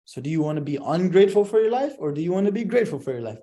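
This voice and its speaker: A man's voice: on the high side, big pitch swings, very fast, warm tone. A young man giving a profane, emphatic motivational monologue, swearing constantly.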